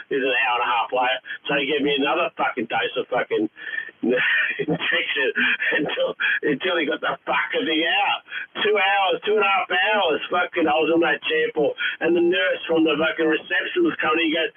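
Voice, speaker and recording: A man's voice: medium pitch, fairly even intonation, normal speed, narrow, tinny audio. Swearing Australian man over radio. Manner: swears constantly, rambling. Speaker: radio operator. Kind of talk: casual radio chat. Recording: noisy radio transmission.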